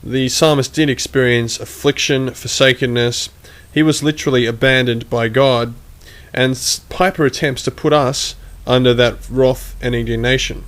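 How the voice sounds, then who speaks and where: A man giving critical commentary, measured and emphatic, reading quotations aloud as he argues. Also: mid-range voice, steady tone, fairly bright tone. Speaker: online commentator.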